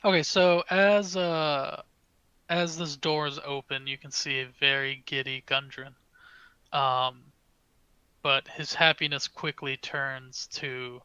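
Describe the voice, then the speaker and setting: A man's voice: medium pitch, bright, forceful tone, clean tone, no echo, poor audio. A man narrating a tabletop game as game master, hesitant with many fillers.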